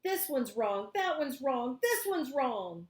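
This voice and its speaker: A woman voicing a loud, fussy young man who insists on order, speaking in clipped, demanding complaints. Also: high-pitched, sing-song, takes it slowly, reverberant, voice pushed up, full character voice.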